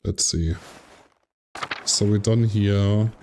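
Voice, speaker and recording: Man, streamer, casual game commentary, self-deprecating, mellow voice, faint hiss. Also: lowish voice, steady tone, very slow.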